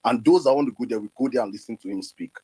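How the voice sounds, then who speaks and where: A man's voice: medium pitch, rapid-fire, warm tone, husky, no echo, rough recording. A man speaking up in a live audio chat room, angry and insistent, repeating his points. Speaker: participant.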